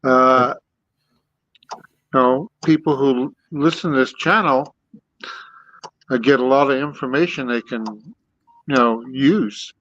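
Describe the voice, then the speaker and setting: Slow, halting man on a dull line. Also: mid-range voice, fairly bright tone, no room sound. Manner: halting, agreeable, many fillers. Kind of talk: casual chat.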